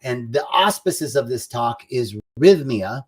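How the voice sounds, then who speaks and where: A man's voice: mid-range voice, animated, measured pace, slightly rough. A man hosting a live spiritual talk, singing bits of a love song and greeting viewers by name. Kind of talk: warm-up singing then casual spiritual talk. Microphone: livestream setup.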